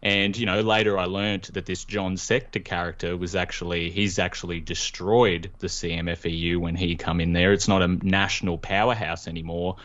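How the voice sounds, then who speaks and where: Deep-voiced man on a dull line. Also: flat delivery, moderate pace, few pauses, a bit bright. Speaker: guest reporter. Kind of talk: casual chat.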